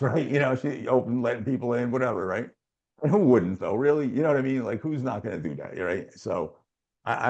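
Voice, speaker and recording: A man's voice: mid-range voice, gravelly, husky, dull audio. A middle-aged man, a guest telling a long personal story in casual chat and acting out what others said. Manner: animated, acts out other people's lines, chuckles often.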